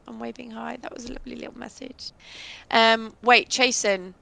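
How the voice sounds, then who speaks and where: A woman's voice: on the high side, fairly even intonation, normal speed, creaky, fairly bright tone. A woman with a British accent, a guest chatting casually on a stream, giggly and drifting off topic.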